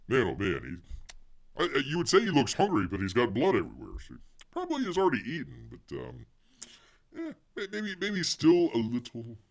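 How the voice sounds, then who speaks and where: Gravelly man rambling on a livestream. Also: medium pitch. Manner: rambling, refers to himself as Bear in the third person; talks to viewers, reads chat aloud. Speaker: livestream host. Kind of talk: casual livestream chat.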